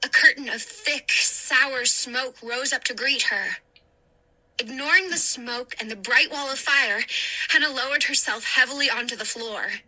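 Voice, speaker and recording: Slow, bright-voiced woman narrator. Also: high-pitched, poor audio. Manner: slow, deliberate, dramatic. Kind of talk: audiobook reading.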